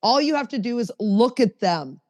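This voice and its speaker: A woman's voice: on the high side, normal speed, no room sound, long reverb tail. A woman co-hosting a recovery podcast, telling stories in casual chat and acting out what others said. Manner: animated storytelling with acted quotes. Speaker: podcast co-host.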